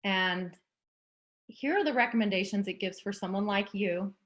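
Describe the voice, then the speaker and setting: A woman's voice: mid-range voice, normal speed, a bit bright. A woman interviewing a guest, reading out information and responding supportively. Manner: supportive, reads out information, agrees often. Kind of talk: conversational interview.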